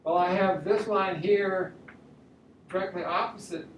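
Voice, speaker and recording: A male art teacher with a high-pitched voice and fairly even intonation talks through his steps at a measured pace as he sketches, thinking aloud one step at a time during a drawing demonstration lesson. The room is echoey and roomy, the mic sits at a distance, and faint room noise comes through.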